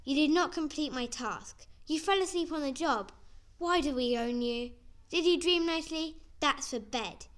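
Strict scolding foster mother, read by a woman, high and loud, ranting in a storybook reading. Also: normal speed, natural voice. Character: strict shouting middle-aged foster mother.

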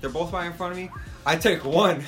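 A man's voice: high voice, brisk, music in the background. A young man telling a rowdy trip story among friends, swearing a lot and acting out what people said. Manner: animated, profane, acts out quotes.

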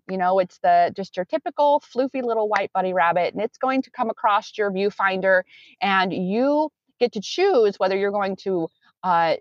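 A woman's voice: medium pitch, no echo. A woman who works with clients, talking in a meandering, earnest way and often correcting herself mid-sentence in a conversational interview. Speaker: coach with clients. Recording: dull lo-fi sound.

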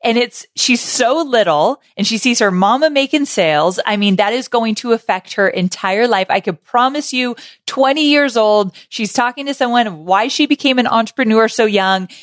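A woman's voice: on the high side, expressive, normal speed, few pauses, dry recording, studio quality. A woman hosting a podcast interview, affirming and encouraging her guest in casual conversation. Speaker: podcast host.

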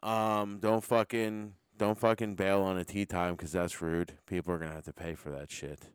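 A man's voice: deep voice, flat delivery, normal speed, clean tone, dry recording, clean studio sound. A man co-hosting a casual podcast, laid-back and profane as he wraps up the episode. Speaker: podcast co-host. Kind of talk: casual chat.

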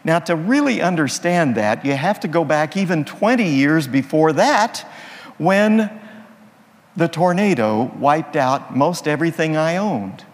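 A priest delivering a sermon in a folksy, playful manner, leaning on jokes. His delivery is unhurried but full of rises and falls, on the higher side for a man. The sound carries a long reverb from the church. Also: expressive. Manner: folksy, playful joke-telling.

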